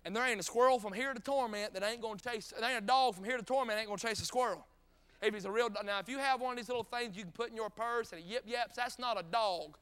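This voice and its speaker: A middle-aged man preaching a revival sermon in a North Carolina drawl. His voice sits very high and sounds clear and smooth, with a bright, forceful edge. He tells stories folksy-style, cracks jokes and climbs to shouted peaks. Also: fast. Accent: North Carolina Southern. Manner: folksy, joking asides, rising to shouted peaks.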